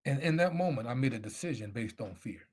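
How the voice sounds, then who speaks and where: A man's voice: medium pitch, animated, brisk, a little mellow, slightly rough. A middle-aged man telling his story animatedly in a live Q&A, acting out the voices of people he quotes. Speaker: guest speaker.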